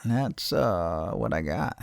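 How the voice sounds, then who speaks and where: A man hosting a casual solo podcast, rambling and profane, correcting himself mid-sentence and jumping into loud excited bursts. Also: sits low, takes it slowly, gravelly, dry recording, clean studio sound. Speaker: podcast host.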